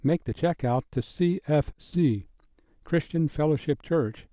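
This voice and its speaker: A man delivering a scripted radio Bible teaching in a measured, earnest and emphatic manner. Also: on the high side, mellow, dry recording. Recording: dry, dull lo-fi broadcast audio.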